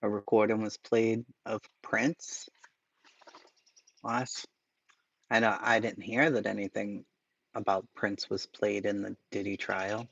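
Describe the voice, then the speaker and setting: A man's voice: lowish voice, gravelly, fairly bright tone, husky, dull audio. A man hosting a casual livestream, reading chat aloud with profane, sarcastic asides and mutters. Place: home, dogs barking nearby.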